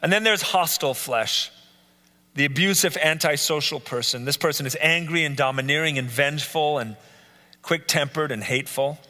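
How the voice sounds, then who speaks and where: A man teaching a live Bible study in a church room. His voice sits a little high and comes across bright and forceful. A long hall reverb trails his earnest, list-by-list delivery. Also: normal speed. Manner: earnest, lists traits one by one with repeated phrases.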